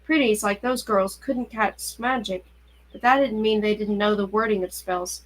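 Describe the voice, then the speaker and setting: A woman reading a novel aloud in a steady, even narrating voice. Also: mid-range voice, moderate pace, a little hiss or hum, low-quality recording. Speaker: reader. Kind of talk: audiobook-style novel reading.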